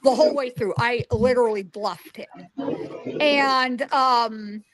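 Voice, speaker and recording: A woman's voice: on the high side, slow pace, background noise. A woman in her forties, a guest psychic, telling stories in a casual interview and acting out the dialogue in them. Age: 40s. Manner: animated storyteller acting out dialogue.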